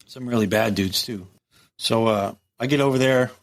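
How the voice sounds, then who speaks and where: A man's voice: on the low side, normal speed. Blunt, profane man telling stories. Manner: blunt, profane, lively storyteller who acts out quotes. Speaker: guest, former prison captain. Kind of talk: casual storytelling interview.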